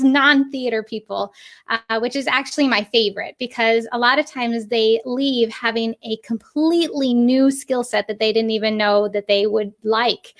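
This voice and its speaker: A fairly high-voiced woman talks through puppetry technique as an interview guest. She explains with energy, leans on "right?" to check in, and slips into quick demonstrations along the way. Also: a bit bright.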